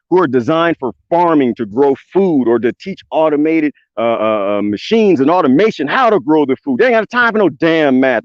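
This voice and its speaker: A man, ranting loudly in a casual livestream with folksy swearing. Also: sits high, dry recording. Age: 20s. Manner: loud, animated, swearing, folksy drawl. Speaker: livestream host. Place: outdoors on a homestead. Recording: dull lo-fi dry sound.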